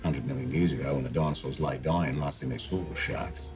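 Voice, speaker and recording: A grim, weathered man haunted by sharks, speaking in slow, grave pronouncements from the very bottom of his register. Music plays clearly behind him. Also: rumbling low, fairly even intonation. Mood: ominous.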